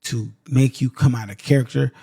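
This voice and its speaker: Mellow-voiced man giving an emphatic pep talk. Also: mid-range voice, steady tone, normal speed, creaky, breathy edge, no echo, clean studio sound. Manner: emphatic, repeats points for stress; casual, addresses listeners directly as y'all. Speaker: podcast host. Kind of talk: motivational talk to listeners.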